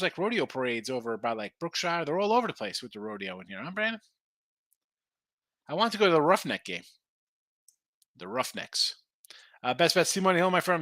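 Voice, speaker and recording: A man's voice: medium pitch, bright, forceful tone, dry recording. A man hosting a sports betting podcast, chatting in a rambling, jokey way as he reads out viewer comments. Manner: rambling, chatty, self-correcting, jokey asides. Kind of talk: casual chat reading viewer comments.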